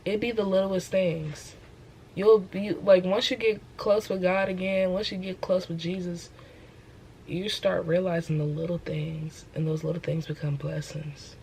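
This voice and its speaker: A young woman preaches about her faith in a casual vlog, pressing her points and repeating them for emphasis. Her voice sits fairly low, and faint room noise hums underneath. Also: steady tone, unhurried, vocal fry, warm tone, low-quality recording. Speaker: host.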